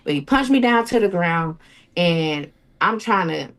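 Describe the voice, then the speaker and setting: A woman's voice: lowish voice, lively intonation, a little slow, fairly bright tone. A woman, a guest recounting a painful personal story in a rambling, repetitive way. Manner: rambling, repeats herself, acts out quoted speech. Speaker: interview guest. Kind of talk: emotional personal account.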